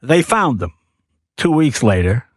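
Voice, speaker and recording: A man's voice: medium pitch, unhurried, no echo, studio quality. A man, telling stories in a casual chat and acting out the people in them. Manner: animated storyteller who acts out quotes, bursting into shouted impressions. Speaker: guest comedian.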